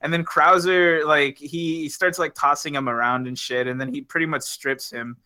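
Young guy rambling thru a movie plot w his buddies, bright kinda high voice, swears a lot. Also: steady tone, normal speed. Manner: rambling, profane, with many fillers. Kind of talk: casual chat.

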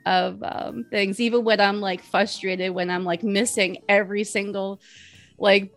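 A woman's voice: mid-range voice, level tone, a little slow, faint music behind. A woman in her forties, an interview guest, chatting casually with lots of fillers and giggles. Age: 40s.

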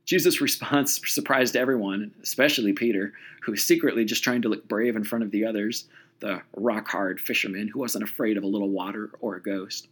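A man preaching a sermon as a lively story, acting out the scenes as he goes. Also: lowish voice, brisk, husky.

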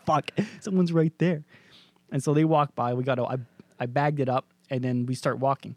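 A young man co-hosting a casual comedy podcast, telling a story in an animated way and laughing often. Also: mid-range voice, moderate pace, no echo. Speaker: podcast co-host.

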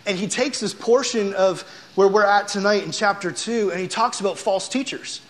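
High-voiced chatty young male preacher. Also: moderate pace. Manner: animated, chatty, heavy use of "like". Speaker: youth pastor. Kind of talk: casual storytelling sermon.

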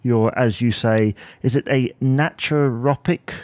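A man's voice: mid-range voice, darkish tone, no room sound. Hesitant male host, dry sound. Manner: hesitant, halting with "um" and restarts. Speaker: podcast host, interviewer. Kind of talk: interview questions.

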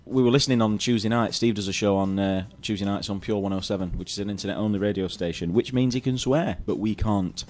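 A man's voice: on the low side, fast talker, few pauses, a little mellow, a little hiss or hum. A man co-hosting a music radio show, dry and understated. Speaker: radio co-host. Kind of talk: casual chat between music plays.

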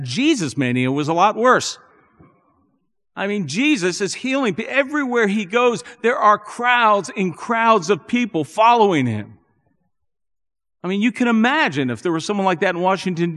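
A man preaching a sermon as a pastor, earnest and building to animated emphasis. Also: on the high side. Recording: long reverb in a church hall.

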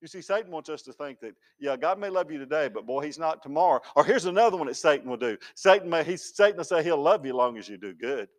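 A man pastor preaching a sermon, emphatic, swinging between loud declarations and hushed words. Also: a little high, lively intonation, fast, few pauses.

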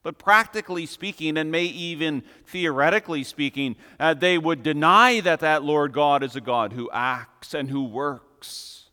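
A man preaching an expository sermon with measured, emphatic repetition. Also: on the high side, pushed and bright, smooth. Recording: long hall reverb.

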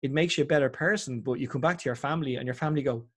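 A middle-aged Irish man chatting as a podcast guest, telling animated stories and acting out other people's voices. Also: mid-range voice, very fast, breathy edge. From Ireland. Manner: animated storyteller, acts out voices. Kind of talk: casual chat.

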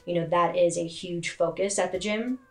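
A woman strength coach explaining her gym's training in a relaxed podcast chat. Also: lowish voice, moderate pace, faint music behind. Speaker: gym owner and strength coach.

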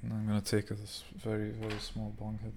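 A man's voice: lowish voice, monotone, a little fast, a little mellow, a little hiss or hum. A young man venting in a rambling, profane casual monologue, full of fillers.

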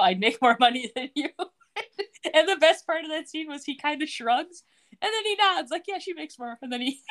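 Her voice is high-pitched and a bit bright. She's a podcast co-host going over a TV episode in relaxed conversation, frequently laughing and acting out characters' lines.

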